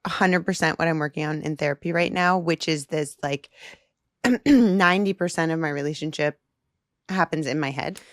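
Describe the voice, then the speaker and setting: A woman's voice: sits low, normal speed, dry recording, studio quality. A woman co-hosting a podcast, earnestly explaining what she is learning in a casual conversation. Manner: earnest, explanatory, animated about ideas. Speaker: podcast co-host. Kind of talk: candid conversational interview.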